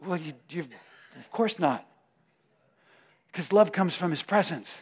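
A man preaching a sermon, emphatic, moving between loud declarations and hushed prayer. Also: high-pitched, expressive, a little slow, slightly rough.

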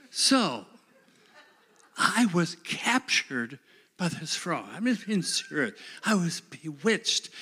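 A middle-aged man preaching a sermon, dramatic and emotional, swinging from shouts down to whispers. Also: high voice, husky.

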